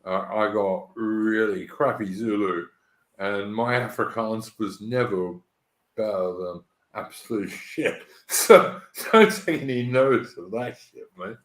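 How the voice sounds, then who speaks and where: A man hosting a loose podcast conversation, with a fairly low voice that bounces around an echoey room. He talks bluntly, repeats words while restarting his sentences, and swears freely. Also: a little slow. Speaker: host. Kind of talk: casual podcast chat.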